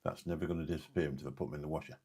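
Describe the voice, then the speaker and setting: A deep, husky man hosts a late-night live stream, rambling along and joking with viewers one by one. His voice sits low and slightly rough throughout. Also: fairly even intonation, racing, mellow. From Lincolnshire, England. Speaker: live streamer reading chat.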